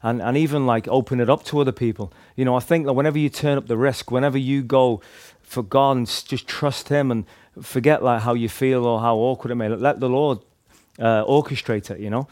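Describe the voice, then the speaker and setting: A man tells his evangelism stories in a loose, casual way. His voice sits at an ordinary middle pitch. He rambles, restarts his sentences, and leans on fillers as he goes. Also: fairly even intonation, fairly quick, a little mellow, no echo. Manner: rambling, heavy use of "like" and "you know", restarts. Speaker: street evangelist. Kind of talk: casual storytelling testimony.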